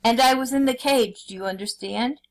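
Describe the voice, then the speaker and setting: A woman's voice: medium pitch, expressive, a little slow, a bit bright. A woman reading a story aloud, voicing an impatient, bossy male tiger who roars at the others. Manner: roaring, impatient.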